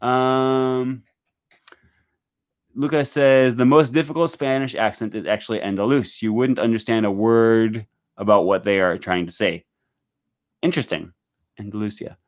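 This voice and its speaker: A man hosting a casual livestream at home, reading viewer comments aloud and chatting about them, with many fillers and a relaxed, meandering way of talking. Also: lowish voice, a little slow, long pauses. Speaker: livestream host.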